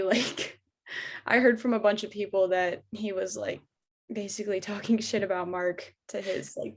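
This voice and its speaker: A woman's voice: mid-range voice, creaky. A young woman with a Michigan accent, telling an interviewer about her old sales job in a casual, chatty way full of "like" and "um". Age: young adult. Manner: chatty, heavy use of "like" and "um". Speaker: interviewee, former door-to-door sales trainer.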